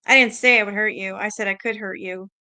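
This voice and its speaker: A threatening male stranger in a storybook reading, delivered flat and cold, as a woman reads his lines aloud. The voice is bright and forward. It keeps a middling pitch. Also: fairly quick. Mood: menacing. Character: menacing adult man, predatory stranger.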